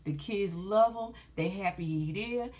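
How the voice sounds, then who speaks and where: A woman's voice: medium pitch, a little slow. Woman doing casual reaction commentary, sassy and swearing, keeps laughing. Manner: animated, laughing, profane, sassy.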